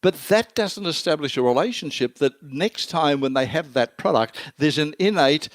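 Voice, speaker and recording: A man's voice: fairly high pitch, animated, moderate pace, dry recording. An older man, a marketing expert answering interview questions in an emphatic way that builds long lists of terms.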